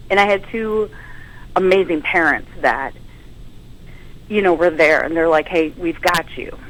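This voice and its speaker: A woman's voice: on the low side, unhurried, poor audio. A woman in her thirties, a firefighter and paramedic, telling her story as a guest in a radio interview. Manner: storytelling, emotional, animated quotes.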